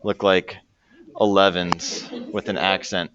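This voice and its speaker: A man's voice: low voice, little pitch movement, takes it slowly, a bit bright, lo-fi sound. A man teaching a math lesson to a classroom and joking with his students as he works through problems. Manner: jokey, talks to students while working problems. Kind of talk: classroom lecture.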